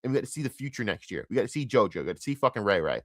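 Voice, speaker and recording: A man hosting a podcast, delivering a heated, profane sports rant that swings between loud outbursts and low mutters. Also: very animated, very fast, dry recording, studio quality. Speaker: podcast host.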